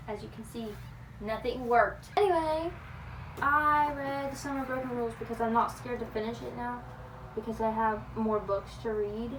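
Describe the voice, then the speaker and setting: A young woman vlogging casually about books she is reading, chatty and giggly, rambling between thoughts. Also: on the high side. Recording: noisy phone recording.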